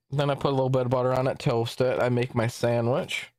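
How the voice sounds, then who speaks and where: A man's voice: mid-range voice, level tone, fast talker, few pauses, a little mellow, no room sound, soft background music. A young man streaming from home, telling a long work story as a casual rant, rambling and swearing as he backtracks. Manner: rambling, profane, self-interrupting.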